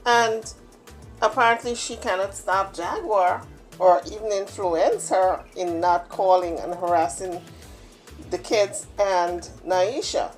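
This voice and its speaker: A woman's voice: mid-range voice, fairly even intonation, slow, soft background music. A woman talks through a gossip story as a channel host. She is emphatic and opinionated, with a middle-range voice. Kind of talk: gossip commentary.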